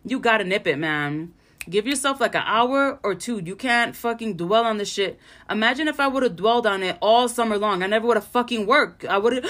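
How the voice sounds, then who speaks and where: A woman's voice: fairly high pitch, moderate pace. A woman in her thirties talks alone into her podcast mic, casual and blunt. She swears freely and acts out her own past panic in bursts while telling stories. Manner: blunt, profane, animated storytelling. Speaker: podcast host. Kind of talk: casual solo podcast chat.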